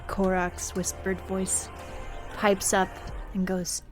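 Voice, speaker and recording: A woman narrating a tabletop game as game master in a soft, hushed storytelling manner. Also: mid-range voice, fairly even intonation, slow, music in the background.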